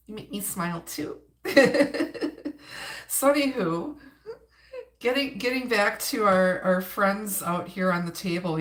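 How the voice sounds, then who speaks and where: A woman's voice: on the low side, fairly bright tone. A woman with an Upper Midwest accent giving a chatty live-stream tarot reading, greeting viewers and laughing between cards. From Wisconsin, United States. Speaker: tarot reader. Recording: roomy echo.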